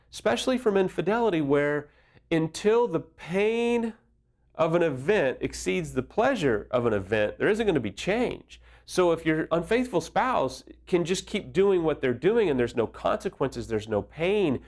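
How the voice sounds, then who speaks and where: A man's voice: fairly high pitch, very animated, unhurried, a little mellow. A man speaking as an affair recovery counselor, giving earnest, direct advice in a conversational way and drawing on personal stories. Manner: earnest, personal and direct, illustrates points with anecdotes.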